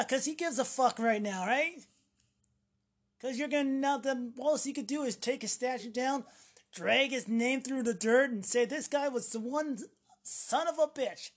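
A woman with a fairly high voice rants on camera in a loose, profane monologue. She is sarcastic and swears freely. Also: breathy edge. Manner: sarcastic, acts out mocking voices. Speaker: vlogger.

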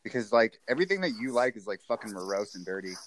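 A man's voice: fairly low pitch, big pitch swings, quick pace, fairly bright tone, a little hiss or hum. A man co-hosting a casual podcast who rambles, swears and laughs in the middle of sentences. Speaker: podcast co-host. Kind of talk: casual crude chat.

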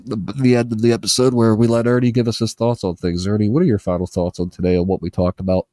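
Chill low-voiced guy on a podcast, swears a ton, says dude every line, dry sound. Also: flat delivery, fast, mellow, no room sound. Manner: laid-back, swears a lot, says dude constantly. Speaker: podcast co-host. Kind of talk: casual podcast banter.

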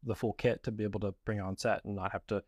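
A man's voice: fairly low pitch, fairly even intonation, fast, darkish tone, no echo, studio quality. A man hosting a filmmaking podcast, talking in a laid-back, conversational way. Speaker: podcast host. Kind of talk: casual podcast interview.

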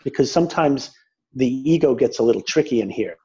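A man speaking as a spiritual teacher in a reflective conversation, gentle and searching, often restarting his sentences. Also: medium pitch, expressive, fairly quick, husky. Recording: dull lo-fi sound.

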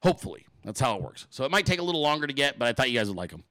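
Angry man ranting, forceful voice. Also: medium pitch, big pitch swings, very fast, no echo, rough recording. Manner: angry, profane, blunt venting. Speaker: show host. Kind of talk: ranting solo talk-show monologue.

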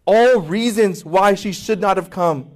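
A man's voice: sits high, a little slow. A male pastor preaching a sermon with passion, acting out voices in quotes and asking his congregation questions.

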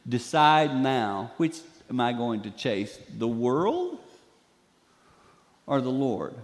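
A man's voice: mid-range voice, takes it slowly. Older man preaching in a reverberant church. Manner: animated storytelling, acts out quoted voices. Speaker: guest speaker preaching. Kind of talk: sermon. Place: church sanctuary.

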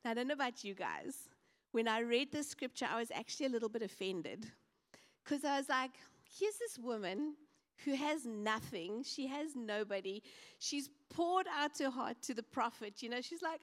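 A woman's voice: sits high, expressive, normal speed. A woman preaching a sermon, telling stories animatedly and acting out the voices of the people in them. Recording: reverberant hall.

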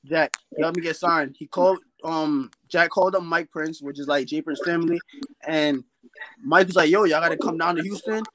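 A man's voice: on the high side, normal speed, low-quality recording. A young man from New York, a boxer guest talking casually and rambling with fillers about his fights. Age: young adult. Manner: relaxed, rambling, fillers like "you feel me". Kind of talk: casual interview chat.

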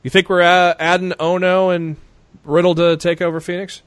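A man's voice: high voice, level tone, normal speed, fairly bright tone, clean tone, dry recording. A man co-hosting a podcast, recapping the news casually and rambling with frequent fillers and restarts. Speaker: podcast co-host.

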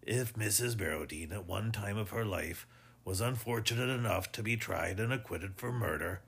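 Man reading an old sea captain, cautious, irritable, deep low voice, storybook. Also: normal speed, gravelly, a bit bright, slightly rough, exaggerated voice. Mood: uneasy. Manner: uneasy, stiff, grumbling.

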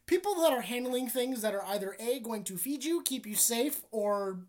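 Young woman, co-host, profane animated storyteller, slightly high voice. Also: moderate pace. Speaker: podcast co-host. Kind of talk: casual chat.

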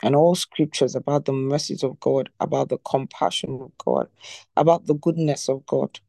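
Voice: medium pitch, steady tone, moderate pace, vocal fry, mellow, no room sound. A devotional teacher reading and explaining a devotional text in an emphatic way, repeating key phrases and asking the listeners questions.

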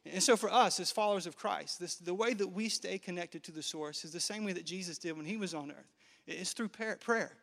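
A man in his thirties from Nigeria, a pastor preaching a lively, joking sermon to a live congregation. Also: high-pitched, brisk, gravelly. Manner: lively, joking, engages the crowd. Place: large hall with live congregation. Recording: reverberant church hall.

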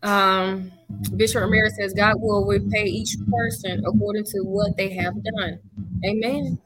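A woman's voice: mid-range voice, fairly even intonation, measured pace, a bit bright, slightly rough, low-quality recording. A woman who hosts a faith talk show, speaking with an emphatic preaching cadence and repeating her phrases for weight. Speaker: prophetess and show host.

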